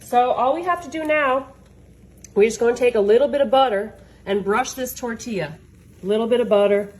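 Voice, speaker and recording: A woman's voice: medium pitch, slight background noise, poor audio. A woman demonstrating a recipe in her home kitchen, talking in a chatty, folksy way straight to her viewers. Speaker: home cook. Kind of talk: cooking demonstration.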